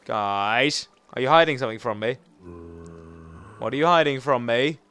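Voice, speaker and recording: A young man giving chatty, excitable let's-play commentary as a gaming channel host. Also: medium pitch, moderate pace, smooth. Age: young adult. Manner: excitable, chatty, sudden loud squeals. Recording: faint game music behind.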